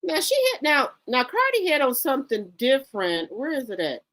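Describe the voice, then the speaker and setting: Animated woman hosting celebrity gossip. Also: sits high, normal speed, no room sound. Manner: loud, incredulous exclamations and blunt swearing; talks straight to her viewers. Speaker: gossip channel host. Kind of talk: casual celebrity gossip commentary.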